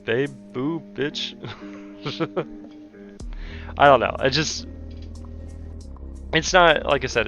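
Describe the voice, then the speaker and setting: Young adult male, mid-pitched, heated profane rant host, faint music bed. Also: fairly bright tone. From Southern United States. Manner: heated, exasperated, heavy swearing. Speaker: commentary channel host.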